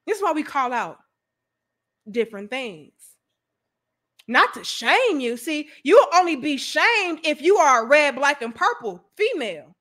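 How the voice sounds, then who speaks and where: Woman host, St. Louis accent, high bright voice, animated and profane livestream talker. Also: unhurried. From St. Louis, USA. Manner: animated, profane, laughs often, riffs on viewer comments. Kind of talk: livestream commentary to viewers.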